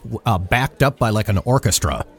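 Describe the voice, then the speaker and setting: A man's voice: fairly low pitch, expressive, fairly quick, heavy background noise. A man co-hosting a podcast, asking easygoing, joking questions in casual chat. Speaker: podcast co-host.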